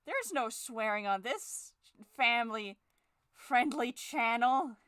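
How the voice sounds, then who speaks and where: Young woman, drawing vlog chat, sarcastic, sweary, very animated pitch, highish voice. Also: slow pace, smooth, no room sound, clean studio sound. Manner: sarcastic, swings to shrill forced cheer; swears freely. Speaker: drawing vlogger. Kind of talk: casual chat while drawing.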